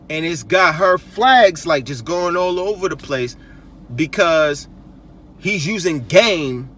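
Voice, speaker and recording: A man's voice: fairly high pitch, bright, forceful tone, distant mic, slight background noise. A male host giving casual advice, emphatic and repetitive, often checking in with "okay?" and "right?".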